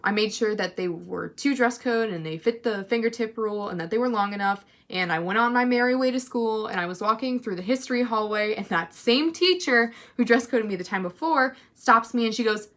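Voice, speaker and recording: A teenage girl telling a storytime vlog, chatty and animated, full of "like". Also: fairly high pitch, brisk, hardly any pauses. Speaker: vlogger.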